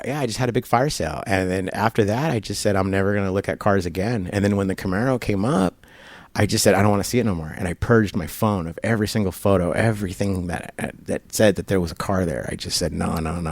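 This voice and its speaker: A middle-aged man telling a long personal story in an interview at a barbershop, halting and rambling, acting out the people he quotes. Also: low-pitched, no room sound. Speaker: guest.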